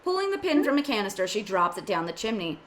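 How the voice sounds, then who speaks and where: A woman's voice: medium pitch, sing-song, fast talker. A woman reading the stage directions aloud in an amateur script reading, adding joking asides as she goes.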